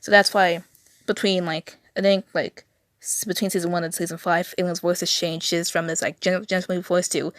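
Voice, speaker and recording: A woman's voice: lowish voice, level tone, normal speed, a bit bright, no echo. A young adult woman reading text aloud, often tripping over words and correcting herself, with exasperated asides. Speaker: video creator.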